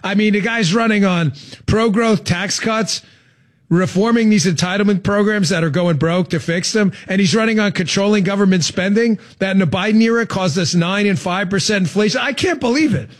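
A man's voice: sits high, moderate pace. A man hosting a political talk show, riffing with heavy sarcasm and mock outrage. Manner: animated, sarcastic, mocking.

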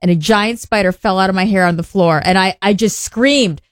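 A woman's voice: mid-range voice, moderate pace, no echo. A woman in her forties co-hosting a radio show, telling stories in a chatty way and laughing often. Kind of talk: casual radio chat.

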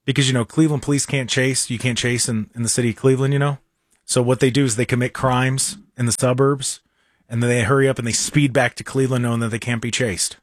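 A man from hosting a radio talk show, with an animated, exasperated manner and frequent restarts. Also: medium pitch, fast, no echo, studio quality.

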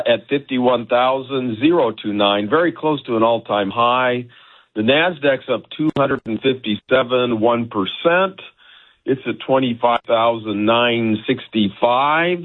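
A man hosts a radio finance show, joking with his co-host and then rattling off stock and oil figures. His voice sits at an ordinary middle pitch. It comes through a thin, phone-like radio sound. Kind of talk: casual radio market talk.

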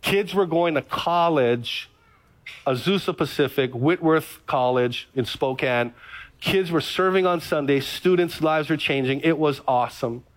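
A man's voice: fairly high pitch, measured pace. A middle-aged male pastor giving a sermon, telling stories with jokes and repeated phrases. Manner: animated storytelling, joking and repeating phrases.

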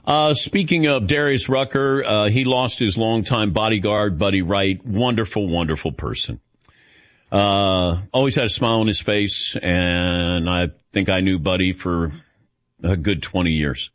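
A man's voice: fairly low pitch, steady tone, measured pace, a bit bright, no room sound. A man hosting a sports call-in radio show, chatting easily and rambling through stories. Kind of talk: casual call-in chat.

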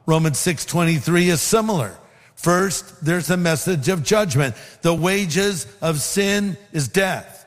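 Middle-aged male pastor, earnest sermon delivery, high voice; long hall reverb, faint music. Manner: earnest, slows to stress scripture.

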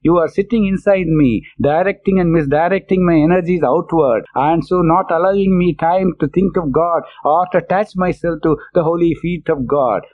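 A man's voice: high voice, brisk, few pauses. A man giving a religious discourse on scripture, earnest and emphatic, often repeating his phrases. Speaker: spiritual lecturer. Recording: tinny phone-like audio.

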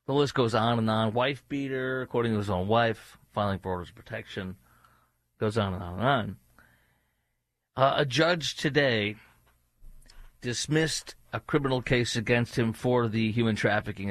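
A man's voice: mid-range voice, normal speed, a bit bright, dry recording. Guy filling in as talk radio host, sarcastic and mocking, dry close sound. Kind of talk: political talk radio commentary.

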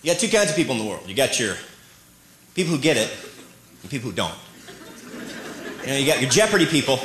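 A man from the Midwest doing a live stand-up routine, animated and slipping into mock voices. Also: medium pitch, fast talker, slight background noise. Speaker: stand-up comedian. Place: comedy club stage before a laughing audience. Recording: roomy live club recording with audience.

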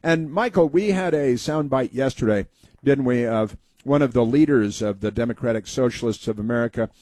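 A man's voice: mid-range voice, normal speed, a little mellow, no room sound. A man hosting a talk radio show, telling a rambling story in a folksy way with many fillers and restarts. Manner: folksy storytelling, acting out quoted voices.

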